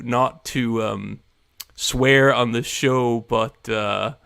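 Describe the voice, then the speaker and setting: A man's voice: mid-range voice, steady tone, drawn-out words, creaky, fairly bright tone, clear, resonant tone, no echo, clean studio sound. A man hosting a laid-back live radio stream, chatting casually and rambling with self-mocking asides and lots of fillers.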